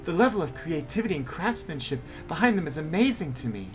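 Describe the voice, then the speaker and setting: A man voicing a shy, bookish teenage girl, reading her lines softly and hesitantly. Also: on the high side, big pitch swings, quick pace, soft background music. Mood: earnest.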